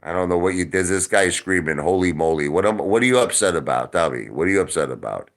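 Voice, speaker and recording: A middle-aged man rants on a livestream in a low voice that swings widely up and down. He boasts, mocks and insults crudely, and he repeats lines for punch. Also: animated, fast talker. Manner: brash, mocking and boastful, with crude insults and repetition. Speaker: online video host. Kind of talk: ranting livestream talk.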